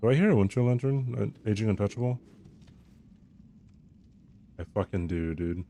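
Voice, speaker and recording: A man's voice: on the low side, lively intonation, moderate pace, dark tone, a little hiss or hum. Chatty man streaming a game. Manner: joking, chatty, reads chat aloud and banters. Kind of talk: casual live-stream chat while gaming.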